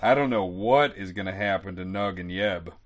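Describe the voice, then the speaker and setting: A man voicing a big, cheerful, goofy homeless werewolf in a tabletop game, joking in deadpan. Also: sits low, moderate pace, natural voice.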